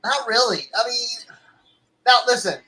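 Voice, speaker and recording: A man with a high, bright voice chats casually with a friend. He tells his story with energy and slips into quick voices for the people in it. His tone stays loose and relaxed. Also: poor audio. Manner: animated storyteller, acts out voices in anecdotes. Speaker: co-host. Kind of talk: casual chat.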